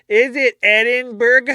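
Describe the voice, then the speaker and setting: A man's voice: very high-pitched, bright, forceful tone, clean tone, no room sound, clean studio sound. A man co-hosting a casual history podcast, telling the story in a jokey way and acting out little scenes. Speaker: podcast co-host.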